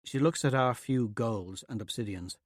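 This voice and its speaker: A man narrating a fantasy audiobook in a steady, measured way. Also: mid-range voice, no room sound, studio quality. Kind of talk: scripted narration.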